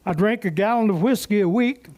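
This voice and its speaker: A man voicing a content little old small-town man with an East Texas drawl, matter-of-fact and deadpan. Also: high-pitched, a little fast, natural voice.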